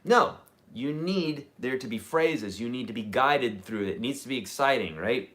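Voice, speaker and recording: A man teaching a live-streamed guitar lesson, chatty and energetic, with lively jumps in pitch and loudness. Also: normal speed. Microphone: camera mic.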